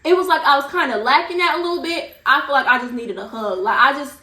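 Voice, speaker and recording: A young woman vlogger telling a storytime in an animated, slangy way. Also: sits high, fast, echoey room. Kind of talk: storytime vlog.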